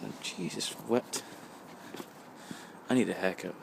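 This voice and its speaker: English guy in his twenties, slightly drunk, rambling, swearing nonstop, low voice, faint traffic hiss. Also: measured pace, vocal fry. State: tipsy. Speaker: vlogger. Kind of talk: casual rambling monologue. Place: outdoors on a street at night, walking. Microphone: phone held while walking. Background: faint passing traffic.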